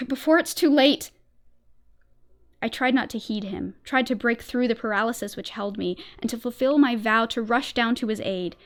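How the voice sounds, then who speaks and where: A woman streamer doing a theatrical reading of a horror story, her narration tense and swelling in volume at dark moments. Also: medium pitch, vocal fry.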